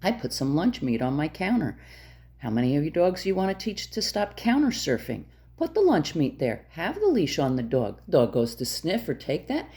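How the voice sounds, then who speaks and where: A woman's voice: low-pitched, huge pitch swings, moderate pace, dark tone. A woman dog trainer giving direct, emphatic instructions to camera, repeating her key points.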